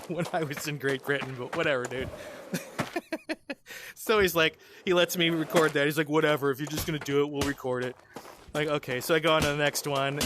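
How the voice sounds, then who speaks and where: A man with a slightly higher voice chats loosely as he plays, laughing through the story and throwing in sarcastic asides. Steady noise and clicking sit behind his voice. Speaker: gaming channel host. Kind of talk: casual storytelling while playing a game.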